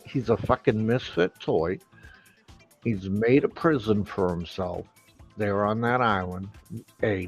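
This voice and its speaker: A man on a live stream, ranting slowly and emphatically, full of profanity and mockery. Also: lowish voice. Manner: profane, slow and emphatic, mocking.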